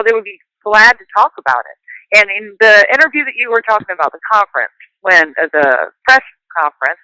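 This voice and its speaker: A woman hosting a casual conversation, talking in an eager, animated way and agreeing readily. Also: on the low side, dry recording, low-quality recording.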